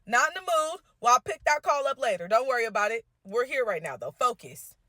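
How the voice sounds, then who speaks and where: A woman's voice: fairly high pitch, very animated, brisk, sharp tone, no room sound, studio quality, pitched above the performer's own voice, full character voice. A woman putting on the voice of her male fiancé, who is soothing, apologetic and brushes things off. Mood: dismissive.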